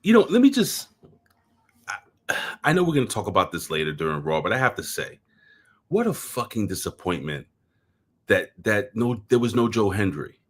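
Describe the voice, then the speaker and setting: A man with a New York accent talks wrestling in a loose, meandering way, swearing freely and stumbling over repeated words. His voice sits very low. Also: sing-song, moderate pace, a bit bright, slightly rough. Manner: rambling, profane, repeats words and fills with "um". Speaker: co-host of a wrestling review show. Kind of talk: casual livestream chat.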